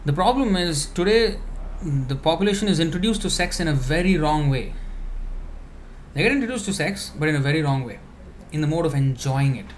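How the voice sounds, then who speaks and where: A man giving a conversational spiritual talk, answering questions with many fillers and restarts, now and then laughing softly. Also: on the high side, animated, brisk, a little hiss or hum.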